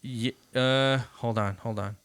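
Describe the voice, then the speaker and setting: Here a male podcast host chats casually at a slow pace, his mid-range voice clean and free of echo. His storytelling is animated, full of acted-out quotes and plenty of swearing.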